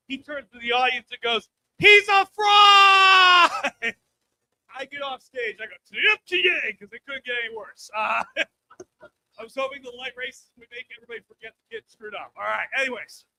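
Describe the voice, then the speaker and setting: On a live stage mic, a man performs brash, crude stand-up, constantly checking in with the crowd by asking "all right?" His very high voice is quick, steady, and sharp with vocal fry, and the audio is poor.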